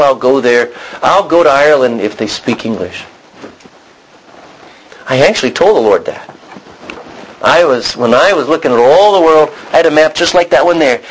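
A man's voice: a little high, low-quality recording. A man preaching a sermon, telling a personal story in a rambling way, often restarting and acting out what he said. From Texas. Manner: rambling storytelling, frequent restarts and self-quotes.

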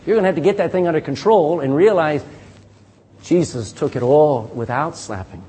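Lively high-voiced preaching man. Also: moderate pace, slightly rough. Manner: lively preaching with call-and-response. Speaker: pastor. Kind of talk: sermon.

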